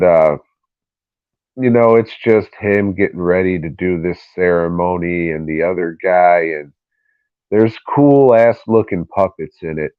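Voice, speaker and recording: A man's voice: low voice, no room sound. A man co-hosting a podcast who talks in casual chat, ranting bluntly and swearing freely. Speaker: podcast co-host. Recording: dull lo-fi recording.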